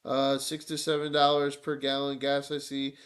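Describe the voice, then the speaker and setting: A man's voice: medium pitch, completely flat delivery, normal speed. A man live-streaming political commentary, irreverent and mocking, breaking into whiny put-on voices.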